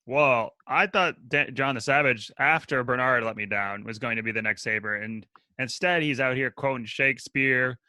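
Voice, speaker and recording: A man's voice: mid-range voice, normal speed, hardly any pauses, sharp tone, no echo. A man co-hosting a casual book club podcast, joking and teasing his co-host and laughing a lot.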